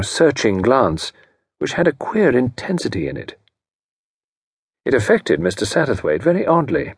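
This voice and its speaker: A man narrating an audiobook in a measured, expressive storytelling manner. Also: mid-range voice, slightly rough, no echo, studio quality. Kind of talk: scripted narration.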